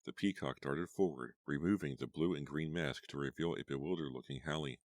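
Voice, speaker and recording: Very deep-voiced male audiobook narrator. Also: brisk, no echo, studio quality. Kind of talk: scripted narration.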